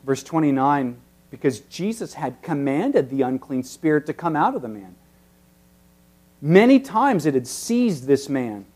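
A man preaching an expository sermon, teacherly, with emphatic peaks that drop to very soft passages. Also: a little high, very animated, unhurried.

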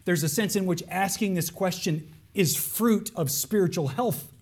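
A man preaching a sermon, earnest, dropping to hushed lines and then rising into raised, pleading emphasis. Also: high-pitched, moderate pace.

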